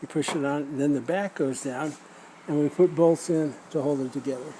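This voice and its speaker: Older guy teaching motorcycle stuff step by step, kinda high voice, soft warm tone. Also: a little fast, a little hiss or hum, rough recording. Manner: patient, step-by-step instruction. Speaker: mechanic teaching motorcycle repair. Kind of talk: hands-on demonstration.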